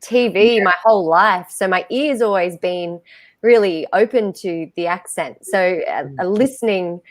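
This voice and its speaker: A woman's voice: medium pitch, measured pace, no room sound, studio quality. A woman with an Australian accent, an actress answering in an earnest, thoughtful way. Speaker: actress in the film. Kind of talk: casual interview.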